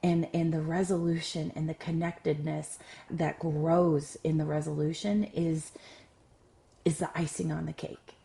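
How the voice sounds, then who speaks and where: A woman with a notably low-pitched voice speaks as a relationship coach and podcast host. She is loud and expressive, telling personal stories in a candid, conversational way. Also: vocal fry.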